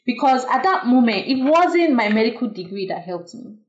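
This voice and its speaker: A young woman who is a doctor tells a personal story as a guest, earnest and reflective, with plenty of fillers. Her voice is a little high with big swings in pitch, at a moderate pace. The sound is dull and lo-fi, in an echoey room.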